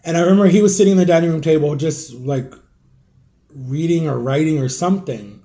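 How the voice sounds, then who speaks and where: A man's voice: a little high, brisk, dark tone. A young man vlogging and telling a personal story to his viewers in a rambling, confiding way, full of fillers. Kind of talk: casual storytelling vlog.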